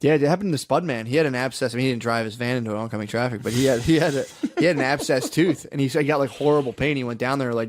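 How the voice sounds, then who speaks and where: A man co-hosting a podcast, reacting with quick, swearing interjections and telling his own anecdotes in casual chat. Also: mid-range voice, dry recording, studio quality. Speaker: podcast co-host.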